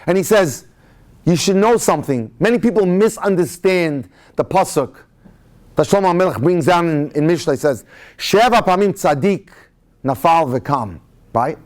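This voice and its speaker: Guy rabbi giving a talk, ish english with hebrew bits thrown in, kinda high voice, tells stories all animated. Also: moderate pace. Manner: animated storyteller mixing Hebrew phrases into English. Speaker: rabbi lecturer. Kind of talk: storytelling Torah lecture.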